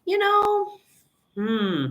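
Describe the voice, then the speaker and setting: A woman's voice: very high voice, sing-song, drawn-out words, a bit bright. A woman veterinarian hosting a casual live Q&A, chatty and rambling, with asides and acted-out quotes. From Chicago area, USA.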